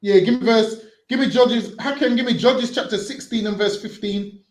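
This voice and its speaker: A man street preaching forcefully, repeating himself and ending phrases with "man". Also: very high voice, moderate pace, echoey room.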